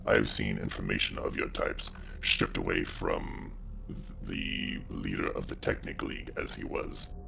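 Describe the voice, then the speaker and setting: A deep gravelly robot overlord. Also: male voice, fairly bright tone, a little hiss or hum, exaggerated voice. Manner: measured, cold, lecturing. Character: cold, calculating male robot overlord.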